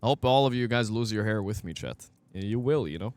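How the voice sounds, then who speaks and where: Male streamer, casual gameplay commentary, excitable and profane, faint music behind. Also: on the low side, brisk, dry recording. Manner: excitable, swears often, talks to chat.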